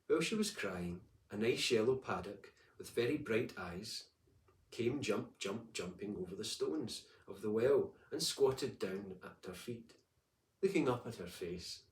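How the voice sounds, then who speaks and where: A man reading a folk tale aloud as an audiobook narrator, in an unhurried storytelling manner. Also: lowish voice, lively intonation. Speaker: audiobook reader. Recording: echoey room, distant mic.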